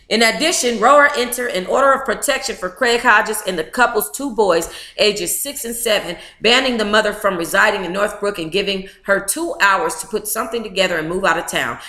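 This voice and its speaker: A woman's voice: mid-range voice, pushed and bright, roomy sound. A woman reading a memoir aloud to a live book club chat, emotive and blunt, with profane asides.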